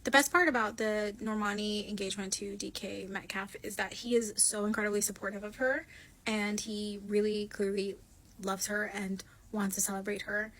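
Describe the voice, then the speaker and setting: A woman's voice: mid-range voice, fairly bright tone, poor audio. A woman giving casual commentary in an earnest, thoughtful way.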